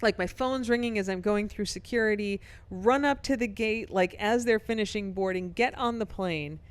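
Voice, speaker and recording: Middle-aged woman, podcast co-host, smooth mid-pitched voice, quick anecdotal delivery with laughs. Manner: brisk anecdotal telling, laughs while talking. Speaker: professor and author. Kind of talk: casual chat, storytelling.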